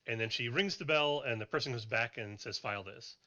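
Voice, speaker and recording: A man's voice: medium pitch, brisk, pushed and bright, dull audio. A man narrating as game master of a tabletop game, rambling and correcting himself as he goes.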